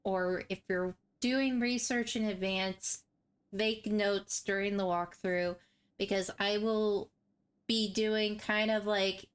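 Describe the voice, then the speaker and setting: Slow, smooth-voiced woman streamer. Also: mid-range voice, fairly even intonation. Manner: rambling, chatty, self-deprecating. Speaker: gaming walkthrough host. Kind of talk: casual game walkthrough intro.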